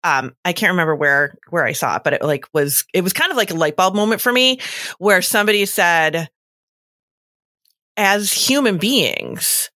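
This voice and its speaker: A woman's voice: on the low side, brisk, pushed and bright, no echo, clean studio sound. A woman co-hosting a podcast, talking casually and bluntly, with the odd swear word. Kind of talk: casual conversation.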